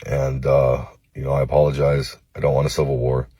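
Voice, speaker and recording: A man from Los Angeles recording a phone-camera apology video, halting and cursing, with many pauses and fillers. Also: extremely low pitch, monotone, warm tone, husky, dry recording. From Los Angeles, United States. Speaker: vlogger.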